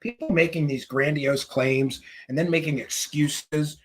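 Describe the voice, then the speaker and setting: A male host delivering an angry, mocking commentary rant, sarcastic and at times shouting. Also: fairly high pitch, fairly even intonation, unhurried. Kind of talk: ranting commentary.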